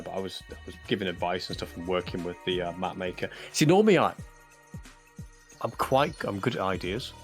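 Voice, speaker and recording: Low English male voice, chatty and self-correcting, light music behind. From England. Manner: rambling, self-correcting, jokey. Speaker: Minecraft map maker and voice actor. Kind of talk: casual chat on a livestream.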